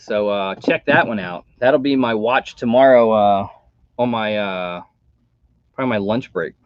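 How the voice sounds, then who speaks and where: A man hosting a casual live stream, chatting in a relaxed, rambling way. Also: medium pitch, no echo. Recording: dull dry home mic sound.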